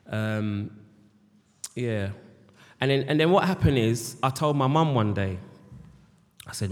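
A man's voice: mid-range voice, expressive, moderate pace, long pauses. A middle-aged British man giving a candid personal testimony about his recovery, rambling and repeating words and phrases. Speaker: speaker sharing his recovery story. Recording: long hall reverb.

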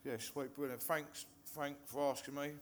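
A man's voice: mid-range voice, fairly even intonation, moderate pace, slight background noise. Nervous English man telling his story. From Hertfordshire, England. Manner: nervous, swears often, restarts and filler phrases. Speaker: speaker sharing recovery story. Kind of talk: personal testimony to a live audience. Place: stage in a meeting hall.

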